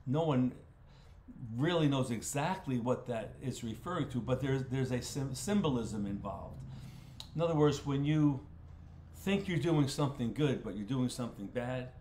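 A middle-pitched man teaches a relaxed Bible study, talking in a homespun, loose way. He often circles back on his words while he works out what to say next. The room around him rings with noticeable echo. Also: normal speed, a little hiss or hum. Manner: folksy, repeats words while thinking aloud. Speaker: pastor leading a Bible study. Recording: roomy echo.

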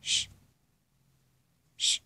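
A woman's voice: extremely slow, sharp tone, no echo. A young woman commenting on a horror game from her bedroom, pleading and often dropping to a scared whisper. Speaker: gamer. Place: bedroom at home.

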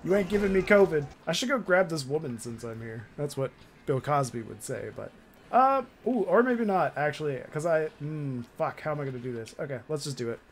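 A man giving casual gameplay commentary, excitable and crude, often laughing and shouting at the game. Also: on the high side, brisk, soft background music. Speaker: gameplay streamer.

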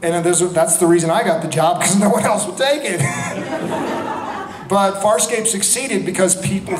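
A middle-aged man from North Carolina, animated and energetic, telling stories at a convention panel Q&A on a handheld mic. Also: high voice. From North Carolina, USA. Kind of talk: lively convention Q&A. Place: large convention hall. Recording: echoey hall with faint noise.

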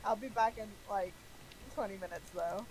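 Soft-spoken, hesitant young woman. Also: mid-range voice, normal speed, slight background noise, low-quality recording. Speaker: fellow player. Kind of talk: casual chat while gaming.

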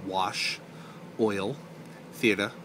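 A man from north of Boston with a softened Boston accent, casually reading a word list and answering questions, adding short explanations to some of the words. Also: fairly low pitch, very slow, background noise. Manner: relaxed, explains words as he reads them. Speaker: vlogger.

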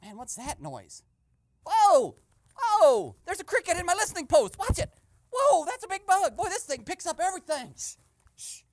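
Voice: medium pitch, sing-song, normal speed, long pauses. A performer playing a nosy male eavesdropper in a comic radio sketch, giving breathless running commentary and shushing constantly. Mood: gossipy.

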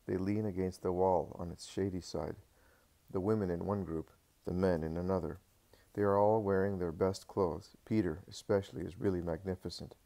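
Brief: male audiobook narrator, very low and gravelly, steady solemn reading. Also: moderate pace. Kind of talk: scripted narration of a religious text.

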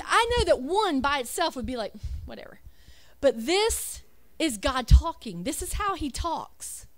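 High pitched woman preaching, asks rhetorical questions, corrects herself as she goes. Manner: reads lists aloud, self-correcting. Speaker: religious speaker. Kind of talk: preaching over slides.

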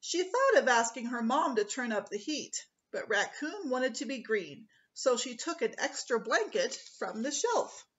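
A woman, a preschool teacher, reading a picture book aloud to children in a slow, expressive way. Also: a little high, lo-fi sound.

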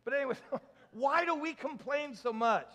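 A man's voice: very high-pitched, normal speed, bright, forceful tone, big-room sound. A man preaching a sermon as pastor, joking and asking the congregation questions. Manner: jokey, asks the congregation questions.

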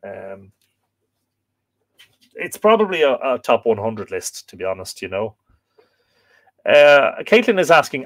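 An Irish man hosts a live stream on Irish mythology, chatting casually as he reads viewer comments. His mid-range, fairly bright voice is sing-song and unhurried, with long pauses, and he rambles with many fillers and restarts.

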